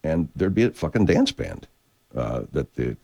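A man's voice: a bass voice, very animated, moderate pace, vocal fry, dark tone, breathy edge. A man hosting a show, chatting casually in a profane, digressive way with many restarts. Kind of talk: casual rambling chat. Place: California.

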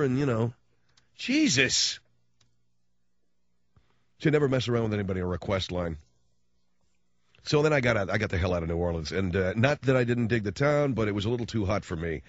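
A man's voice: mid-range voice, a little fast, dry recording. A middle-aged man hosting radio, telling rambling stories in slangy casual talk and often slipping into voices. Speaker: radio host. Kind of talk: casual storytelling monologue. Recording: dull lo-fi, dry radio sound.

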